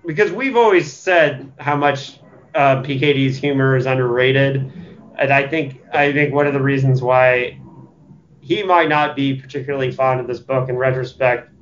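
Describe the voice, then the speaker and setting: A man in casual chat about a book, giving thoughtful opinions with hesitant fillers. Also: mid-range voice. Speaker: book podcast co-host. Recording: dull lo-fi sound.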